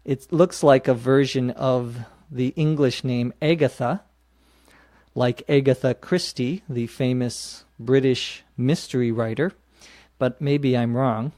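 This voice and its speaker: Slow, patient man teaching English. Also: mid-range voice, fairly even intonation, darkish tone, dry recording, studio quality. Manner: patient, spells words out letter by letter. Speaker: podcast host teaching English.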